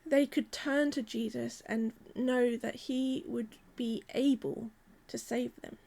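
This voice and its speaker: A woman, preaching a sermon in a gentle, measured, earnest way. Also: on the high side, steady tone, creaky.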